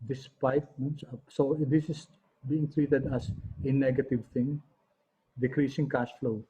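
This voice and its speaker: Filipino man teaching, halting and throaty. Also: mid-range voice, flat delivery, mellow. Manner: halting, frequent fillers and throat clearing. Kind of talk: online class lecture. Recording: dull lo-fi audio.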